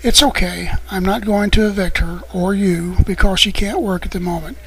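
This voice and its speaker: Man doing a level-headed young homeowner, even and gentle delivery, storybook read. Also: high voice, moderate pace, poor audio. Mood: calm.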